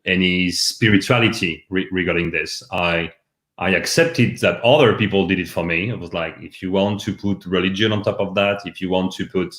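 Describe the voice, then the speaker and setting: A man's voice: deep voice, normal speed, a bit bright, roomy sound. A man from France with a French accent, a guest talking candidly and animatedly in a casual live chat.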